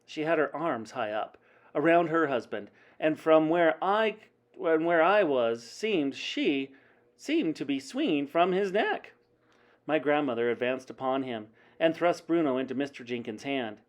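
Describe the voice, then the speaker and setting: A male teacher reads a children's book aloud with dramatic flair, his voice sitting a touch high. His pitch swoops up and down as he builds the suspense. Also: a little slow. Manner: animated, dramatic storytelling.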